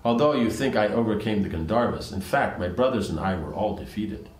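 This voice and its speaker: A man reading the lines of a grieving, humiliated male prince, in a plain low reading voice. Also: animated, fairly quick, lightly acted. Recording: roomy echo.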